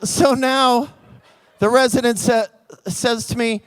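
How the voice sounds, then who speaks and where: A man telling a true comic story live on stage, animated and acting out the scenes. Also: extremely high pitch, slow, long pauses, clear, resonant tone, no echo.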